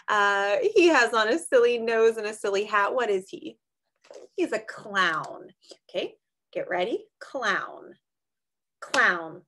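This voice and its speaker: A woman running an online small-group lesson for little kids. Her voice is fairly high and lively, rising and falling a lot. She talks in a slow, exaggerated, encouraging teacher way, stretching out words as she claps syllables. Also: a little hiss or hum. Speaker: kindergarten teacher.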